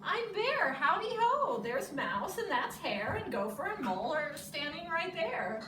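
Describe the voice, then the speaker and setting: A woman voicing a friendly, excitable male bear with loud, high, sing-song calls in a children's story. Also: unhurried. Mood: welcoming. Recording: echoey room, distant mic, noisy.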